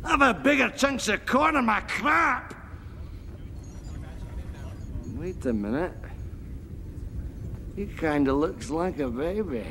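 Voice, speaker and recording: Fat Bastard, a gravelly crude brute. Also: male voice, sits high, lively intonation, a little slow, pushed and bright, soft background music, heavily acted. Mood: gruff. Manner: crude, boisterous, gravelly bellowing. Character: obese crude greedy Scottish henchman man. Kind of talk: comedy film acting. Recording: film soundtrack with long reverb, faint noise.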